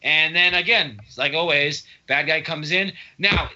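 A man's voice: on the high side, a little slow, sharp tone, dull audio. A man retelling a movie plot in a casual, profane, rambling chat.

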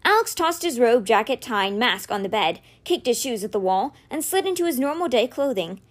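A woman reading a novel aloud with expressive, animated storytelling. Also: a little high, a little fast. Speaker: audiobook reader.

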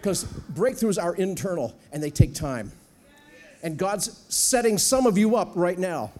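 A man preaching a sermon as a guest speaker in a church, animated and humorous, acting out little voices as he goes. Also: high-pitched, unhurried. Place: church sanctuary.

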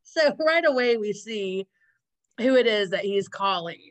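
A woman co-hosting a casual chat about a sitcom episode, relaxed and laughing often. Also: mid-range voice, unhurried. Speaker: podcast co-host.

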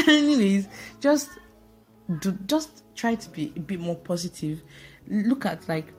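A woman's voice: medium pitch, very animated, measured pace, soft background music. A woman hosting a casual solo podcast voice note, chatty and playful with self-mocking asides. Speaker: podcast host.

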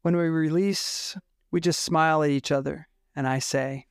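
A man's voice: fairly high pitch, steady tone, moderate pace, smooth, dry recording, clean studio sound. A man reading a first-person romance story aloud in a candid, emotional way. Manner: emotional, candid narration with swearing. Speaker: fiction reader.

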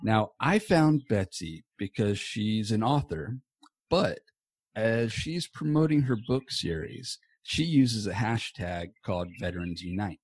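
A man's voice: on the low side, sing-song, measured pace, a little mellow, slightly rough, dry recording. A man hosting a podcast from a small home office, chatting loosely and casually with a guest and swearing now and then. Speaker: podcast host. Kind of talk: casual chat. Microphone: earbuds.

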